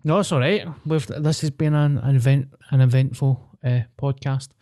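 Mellow-voiced Glaswegian podcast man. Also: mid-range voice, steady tone, moderate pace. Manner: blunt, joking, sweary. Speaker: podcast co-host. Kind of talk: casual chat.

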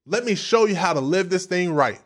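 High-voiced preacher man, lively and dramatic. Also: brisk. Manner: animated preaching, dramatic swings between soft and loud; acts out quoted voices in asides. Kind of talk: sermon.

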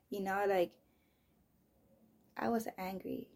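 Raw, gravelly-voiced mother telling her story. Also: mid-range voice, steady tone, moderate pace, long pauses. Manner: raw, emotional, swings from loud outbursts to near-whisper. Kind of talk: personal storytelling podcast. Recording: voice message.

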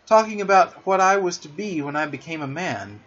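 A man's voice: high-pitched, moderate pace, pitched above the performer's own voice. A man doing a carefree boastful boy who won't grow up. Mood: boyish, eager. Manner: lively, boyish, carefree. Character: eager boastful young boy who never grows up. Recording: dull lo-fi recording.

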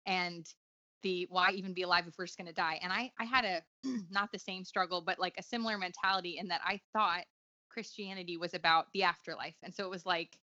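Earnest woman, bright dry sound. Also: on the low side, fairly even intonation, fairly quick, no echo, highs cut off. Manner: earnest, reflective, with many fillers and restarts. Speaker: guest author. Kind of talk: conversational interview.

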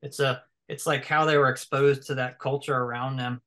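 A man's voice: mid-range voice, flat delivery, moderate pace, fairly bright tone. Man, casual guest chat, meandering speech full of fillers and self-corrections. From American South. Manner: rambling, thinks aloud with many fillers and restarts. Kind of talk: casual conversation.

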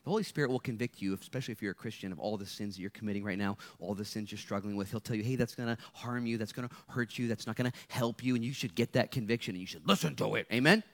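As a guest speaker at a campus meeting, a young man gives a casual, joking, chatty sermon that swings between hushed and loud passages. His voice sits on the low side, and he talks in rapid-fire bursts with hardly any pauses.

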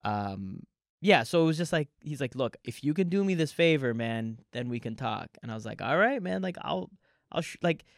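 Here a Canadian comic on a podcast chats through casual anecdotes, his gravelly, medium-pitched voice animated and moderately paced. He curses, laughs and voices both sides of the dialogue, captured in clean studio audio with no echo.

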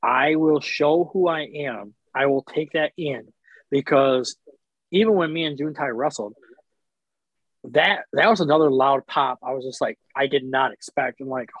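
A man's voice: medium pitch, unhurried, no room sound, muffled recording. A man, a professional wrestler, telling rambling profane stories in casual chat, often stopping to apologize.

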